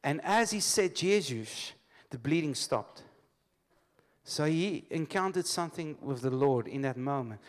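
Lively preacher, higher voice. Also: male voice, measured pace. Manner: lively call-and-response, laughs often; storytelling, loose restarts. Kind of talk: sermon. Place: church congregation.

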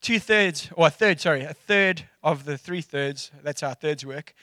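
Middle-aged South African man, bright and high for a man, close dry sound, preaches a casual sermon with jokes and acted-out quotes. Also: measured pace, no echo. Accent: South African English. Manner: animated and jokey, acting out quotes.

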